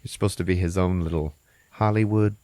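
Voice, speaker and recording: Man, podcast host, very low voice, profane lively storyteller, dry close sound. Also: fairly quick, no echo. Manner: profane, laughing, animated storyteller. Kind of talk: casual movie recap.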